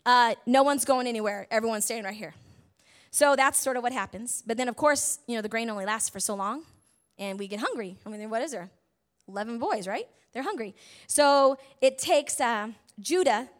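A woman preaching a sermon, retelling a story in a conversational way, full of tag questions and big swings between loud and soft. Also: on the high side, lively intonation, moderate pace.

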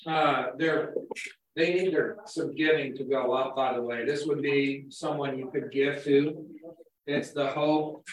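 A man's voice: sits high, heavy reverb, distant mic, a little hiss or hum, rough recording. A man giving a conversational sermon as pastor, talking casually and often repeating words as he goes.

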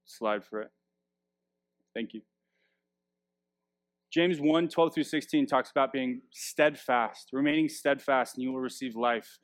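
A man preaching a sermon in a church and closing with prayer, earnest and emphatic. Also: mid-range voice. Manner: earnest, emphatic, repeats key phrases. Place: church building.

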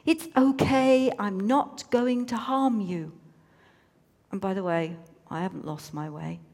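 A woman's voice: medium pitch, steady tone, slow pace, a little mellow. Woman voicing an earnest, pleading angel messenger. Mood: eager. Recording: long hall reverb.

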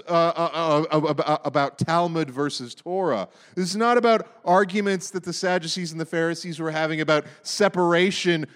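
A man preaching to a congregation in a relaxed, conversational style, breaking into animated asides as he retells the story. His voice sits a little high. The sound carries a long reverb from a large hall. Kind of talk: sermon.

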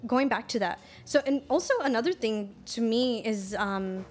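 A woman's voice: fairly high pitch, moderate pace, faint music behind. A young adult woman from a Salvadoran American background, co-hosting a podcast in casual chat, talking freely with many fillers and restarts. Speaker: podcast co-host.

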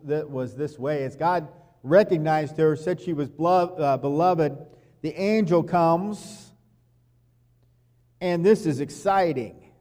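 A man preaching a sermon as pastor, talking conversationally, dropping to quiet asides and acting out the quotes he tells. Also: a little high. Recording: long hall reverb.

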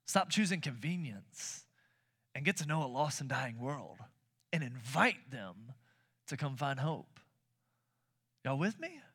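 A man in his thirties preaching a sermon as pastor, telling stories animatedly, acting out his own quotes and repeating words when excited. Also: mid-range voice, slow pace, long pauses, breathy edge. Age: 30s.

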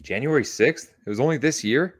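A man's voice: mid-range voice, fairly quick. A young man co-hosting a podcast in casual, joking chat, full of "dude" and "bro". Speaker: podcast co-host.

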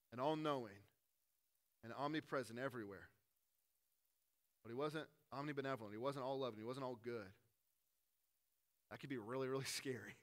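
Male pastor, high bright voice, casual sermon that swings between quick loud asides and quiet slow stretches.

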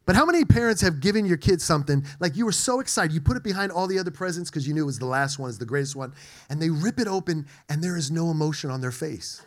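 A man's voice: on the high side, fast talker. A middle-aged male pastor giving a playful sermon and drawing answers from his congregation in a church. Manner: animated, playful, engages the congregation.

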